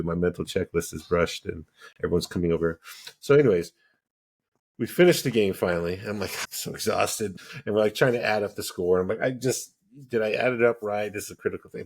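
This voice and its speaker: A man's voice: sits low, darkish tone. A man co-hosting a podcast, telling a story in casual chat and animatedly acting out the dialogue. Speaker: podcast co-host.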